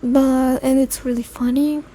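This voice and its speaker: A young woman in soft-spoken ASMR style, her voice high and mellow. She rambles loosely, drifts off topic and pokes fun at herself, with the odd slip into a whisper. A faint hum sits behind her. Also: flat delivery, a little slow. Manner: rambling and self-deprecating, loses focus. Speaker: ASMR creator.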